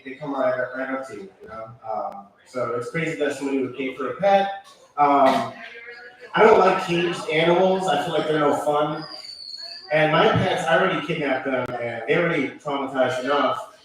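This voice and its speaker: A man's voice: on the high side, fairly bright tone. A man doing a rambling, profane open mic stand-up set, full of ums and asides. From Connecticut, USA. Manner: loose rambling delivery with many ums and profanity. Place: small venue with live crowd. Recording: echoey room, far from mic, crowd noise.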